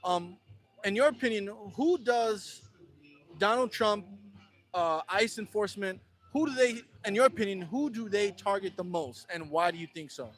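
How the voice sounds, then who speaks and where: High-voiced man asking hesitant questions. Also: normal speed, fairly bright tone, soft background music. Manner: hesitant, with frequent ums. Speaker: interviewer. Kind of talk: street interview questions.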